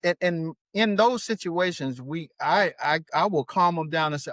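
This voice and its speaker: A man's voice: a little high, normal speed, hardly any pauses, no echo. A man talking as a marriage coach on a podcast, acting out his clients' words in quotes as he tells stories. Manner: animated, acts out clients' lines in quotes. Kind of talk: podcast conversation.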